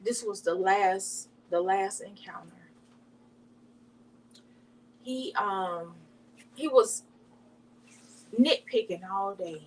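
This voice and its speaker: A woman from Alabama, giving an emotional, halting personal testimony as an interview guest. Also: mid-range voice. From Alabama, US South. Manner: emotional, halting retelling with many restarts. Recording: distant mic with faint hum.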